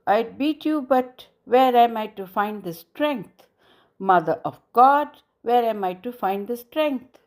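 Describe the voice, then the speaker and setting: A woman's voice: on the high side, lively intonation, takes it slowly. A woman voicing a distraught middle-aged mother who wails self-pitying reproaches at her son in a storybook reading. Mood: reproachful.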